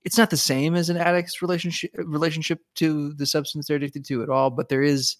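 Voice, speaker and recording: A man's voice: fairly high pitch, flat delivery, fast talker, no room sound, studio quality. Hesitant, thoughtful man in casual talk. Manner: thoughtful, hesitant, restarts while searching for words. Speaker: podcast co-host. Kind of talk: casual discussion.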